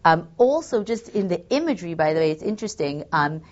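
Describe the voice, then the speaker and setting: Woman teacher, lowish voice, dull lo-fi recording, many ums. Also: sing-song, fast talker, darkish tone. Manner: thinking aloud, many fillers, reads Hebrew verses aloud. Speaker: Torah teacher. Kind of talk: classroom text study lesson.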